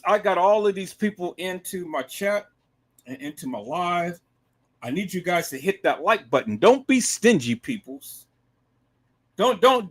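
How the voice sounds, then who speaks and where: High, animated man ranting on a live stream. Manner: emphatic, repeatedly addresses viewers as "peoples"; swings from low murmurs to loud shouted outbursts.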